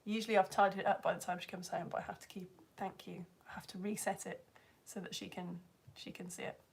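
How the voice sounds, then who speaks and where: A woman, hosting a live stream and chatting excitedly as she reads out viewer comments. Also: medium pitch, fast talker, gravelly, husky. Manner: chatty and excitable, bursts into laughter and squeals. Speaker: live show host reading viewer comments. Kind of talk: casual live-stream chat.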